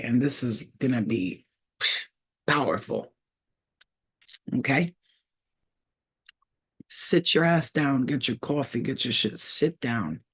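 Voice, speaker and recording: A woman with a husky, breathy voice reads for her viewers, talking straight to the camera. She is streetwise and swears freely, and she repeats herself for emphasis. She halts and trails off as she tries out half-heard names. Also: rumbling low. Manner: casual, blunt and profane, with emphatic repetition; halting, trailing off while sounding out names. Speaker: psychic reader. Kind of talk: spiritual reading to camera.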